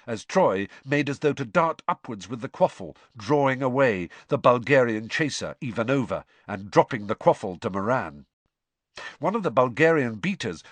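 A man narrating an audiobook with an expressive, varied delivery. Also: mid-range voice, dry recording.

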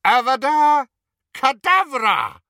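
Reader doing a cold evil wizard guy, slow harsh orders, raised and sharp. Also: sits high, very animated, no room sound, clean studio sound, voice pushed up, heavily acted. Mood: menacing. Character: cold, menacing male dark wizard.

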